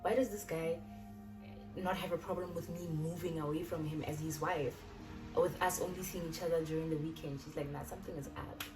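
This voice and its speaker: Her voice low and her delivery brisk, a young South African woman who makes YouTube videos animatedly tells a personal story and acts out others' lines. The recording has background music, a distant mic, and an echoey room.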